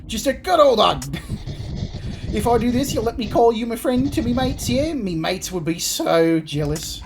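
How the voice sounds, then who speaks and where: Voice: mid-range voice, very animated, normal speed, creaky, noisy background, voice pushed up. A gamer voicing a cheery, clout-hungry male demon postman in a put-on New Zealand accent, eager and chummy. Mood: excited. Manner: chummy, eager, calls people mate.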